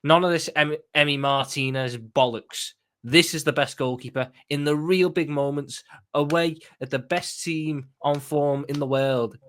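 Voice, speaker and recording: A man's voice: on the high side, fairly even intonation, a little slow, a bit bright. A man giving an emphatic post-match reaction as a football fan pundit, often stumbling and restarting his sentences.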